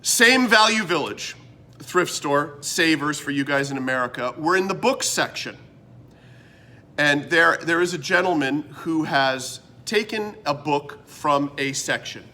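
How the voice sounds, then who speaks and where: A middle-aged man from Canada hosting a comedic vlog, ranting in an animated, exasperated way. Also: fairly high pitch, unhurried. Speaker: host.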